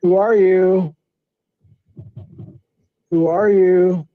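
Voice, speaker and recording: A man's voice: sits high, fairly even intonation, extremely slow. A man hosting a live stream, chatting casually and interrupting himself to check who is on stage. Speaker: stream host. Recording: dull lo-fi stream audio.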